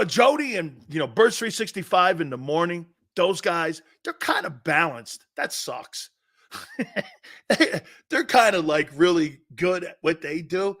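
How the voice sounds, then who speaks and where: A middle-aged man hosting a sports talk show, his voice lively and sitting a bit high for a man. He talks slowly and loosely, laughing often and wandering into rambling asides as he reacts to comments. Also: vocal fry. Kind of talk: casual live-stream talk reading viewer comments.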